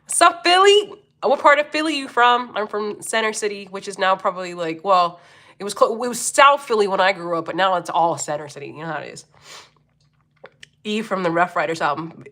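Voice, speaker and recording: Hosting a relaxed livestream, this Philly-accented woman in her forties from Philadelphia reads through comments, laughs often, and curses without restraint. She speaks briskly in a mid-range voice that is bright and forceful.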